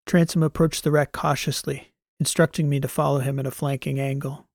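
Gravelly man narrating a sci-fi audiobook. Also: on the high side, no room sound, clean studio sound. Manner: measured, even storytelling. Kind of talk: scripted narration.

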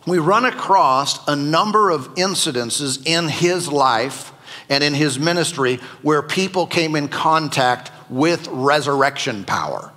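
A male pastor gives a sermon with a bright, forceful voice that rings with a long reverb through a church sanctuary. He keeps it conversational and jokes with his listeners between points. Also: medium pitch. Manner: conversational and joking with the congregation.

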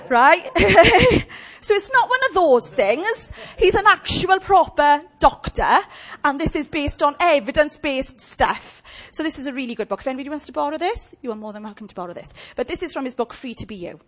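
A woman preaching a lively, humorous sermon and chatting with her audience. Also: high-pitched, brisk, hardly any pauses.

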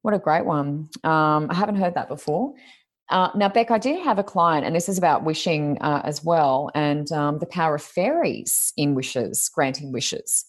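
This Australian woman has a low voice and talks in a chatty storytelling way. She slips into the voices of the people she quotes. It sounds like a video call. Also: moderate pace. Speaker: intuitive reader guest. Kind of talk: casual storytelling.

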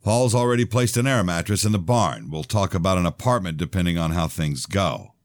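A man playing a cold, controlling older preacher who speaks in a booming, stern way. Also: a little fast, dry recording, studio quality, natural voice. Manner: stern, calculating.

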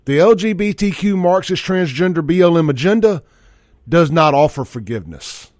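Fired-up talk radio host. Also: male voice, fairly high pitch, animated, moderate pace, darkish tone, no room sound, studio quality. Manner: blunt, fired-up, folksy.

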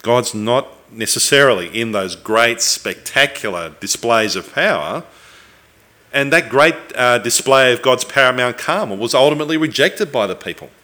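A man preaching a sermon, earnest and reflective, with thoughtful pauses and the odd restart. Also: mid-range voice, lively intonation, pushed and bright.

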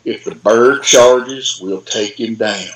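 A man voicing a calm, matter-of-fact male sheriff's sergeant from the country. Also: mid-range voice, slow pace, close to an everyday voice, low-quality recording.

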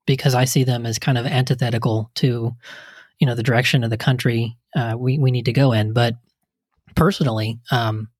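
A man's voice: medium pitch, steady tone, a little fast, dry recording, studio quality. A man in casual political chat, speaking hesitantly with frequent "you know" and "um.".

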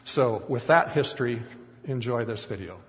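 A middle-aged man preaches with animated storytelling, slipping into acted-out quotes along the way. His voice sits in a middle pitch. The sound rings with the long reverb of a large hall. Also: normal speed. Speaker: pastor. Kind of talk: sermon.

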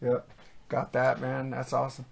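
Gravelly-voiced male podcast host. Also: mid-range voice, completely flat delivery, moderate pace, a little hiss or hum. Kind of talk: casual podcast chat.

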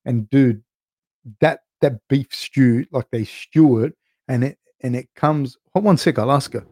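A man's voice: mid-range voice, unhurried, a little mellow, no echo, clean studio sound. A young man hosting a podcast, telling rambling stories in a loose, casual way, full of "like" and "dude" and the odd swear word. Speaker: podcast host and coach. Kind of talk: casual chat, rambling storytelling.

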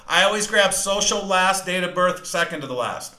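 A man giving a live sales training talk, fast-talking, energetic and emphatic. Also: high voice, roomy sound, poor audio.

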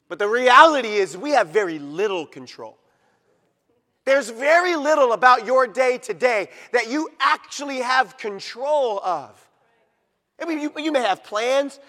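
A man with a high voice delivers an emphatic sermon, moving from loud to quiet and stretching out key words. His voice rings with the long reverb of a large church sanctuary. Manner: emphatic preaching, swinging between loud and quiet, slowing for stress. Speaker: pastor.

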